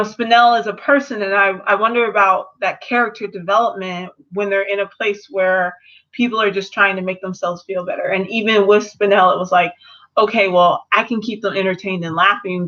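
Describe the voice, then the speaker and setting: A young woman in a casual review chat, animated and slipping into character voices as she retells scenes. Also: medium pitch, highs cut off. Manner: animated, acts out characters in quotes. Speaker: video reviewer.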